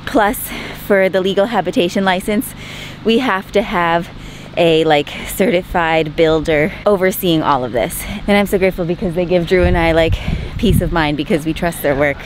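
A woman in her thirties hosting a casual vlog, bubbly and quick to laugh. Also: on the low side, a little hiss or hum, low-quality recording. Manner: bubbly, laughs often, coos at pets. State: out of breath. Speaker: vlog host.

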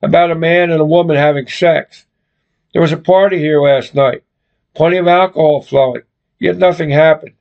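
Guy reading a fed up young woman, blunt and sweary, gravelly, muffled lo-fi audio. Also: a little high, fairly even intonation, normal speed. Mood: pleading. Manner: blunt, exasperated, foul-mouthed. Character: frustrated young woman confronting boyfriend. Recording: dull lo-fi recording.

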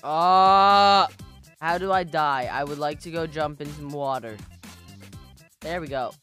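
A woman with a low voice takes her time while commentating on a video game, faint music in the background. The gaming YouTuber is jokey and excitable, yelping and laughing a lot.

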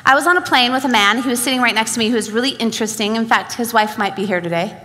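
A woman's voice: on the high side, very fast, bright, forceful tone. A young woman giving a motivational stage talk at a sales event, acting out the dialogue in her stories with animation. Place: large event hall. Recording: reverberant hall.

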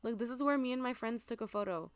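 A young woman streaming a game, chatting casually and listing what she sees, sometimes dropping to a soft near-whisper. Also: on the high side, quick pace, clean tone, no room sound. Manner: chatty, lists items aloud, drifts into soft near-whispers. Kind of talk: casual gameplay commentary.

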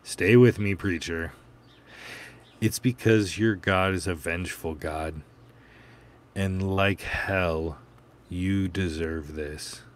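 A man's voice: sits low, fairly even intonation, slight background noise. A man playing Ethan, a cold menacing vigilante. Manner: slow, cold, pointed delivery. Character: cold menacing male vigilante, calm and threatening.

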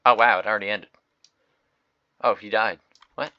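Young male gaming host, low voice with a bright, tense edge, slangy play-by-play reactions, dull home-mic sound. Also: normal speed, no echo. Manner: excitable, slangy, reactive, swings from loud outbursts to mumbled asides. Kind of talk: live gameplay commentary.

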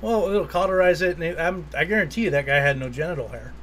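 A man's voice: on the high side, quick pace, fairly bright tone, slight background noise. A man co-hosting a casual movie podcast, rambling through scenes, swearing freely and laughing as he retells them. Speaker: podcast co-host. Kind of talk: casual movie review chat.

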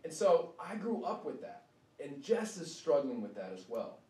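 A man's voice: on the high side, big pitch swings, moderate pace, a little mellow. A male author giving a conversational public talk at a university, often asking "right?". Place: university event hall. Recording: echoey hall, mic from far off, faint noise.

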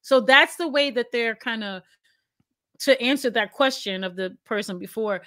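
Chatty woman with a bright, high voice. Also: moderate pace, dry recording, clean studio sound. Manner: chatty and laughs often, heavy use of "like". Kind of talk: casual conversation.

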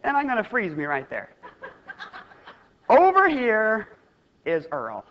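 Brief: lively woman keynote speaker telling a funny stage story, swooping pitch, muffled lo-fi recording. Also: slow, noisy background. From Iowa, USA. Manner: animated, playful, theatrical. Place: stage before a live audience.

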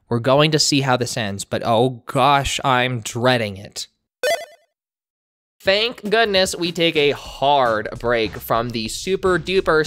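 A woman giving animated, sarcastic commentary as a show reviewer. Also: lowish voice. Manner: sarcastic, wry asides.

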